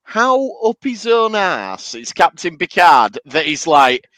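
A man's voice: on the high side, sing-song, slow, bright, forceful tone, dry recording, poor audio. A man co-hosting a podcast in casual chat, rambling and sweary, acting out quoted lines. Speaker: podcast co-host.

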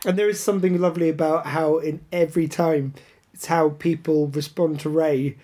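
Low-voiced woman, teasing banter. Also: steady tone, normal speed, dark tone. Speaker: podcast co-host. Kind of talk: casual chat recapping a TV episode.

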